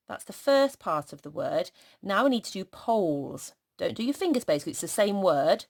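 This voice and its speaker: A woman teaches small children to write a sentence. She speaks slowly in a sing-song, encouraging way, stretching out each letter sound as she goes. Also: lowish voice, sing-song, creaky. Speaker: primary school teacher.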